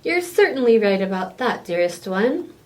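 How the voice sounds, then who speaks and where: A woman voicing a bossy wizard's wife in a storybook read-aloud, with a bright, emphatic sing-song delivery. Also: medium pitch, big pitch swings, normal speed, distant mic, lightly acted. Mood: playful scolding.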